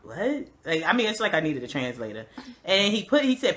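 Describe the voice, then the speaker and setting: A young woman with a New York accent hosts a casual chat and spins stories in loose, slangy talk. She acts out the people in her anecdotes as she goes. Her voice has a bright, forceful edge. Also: on the low side, quick pace. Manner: animated storyteller, slangy, imitates others. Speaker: host.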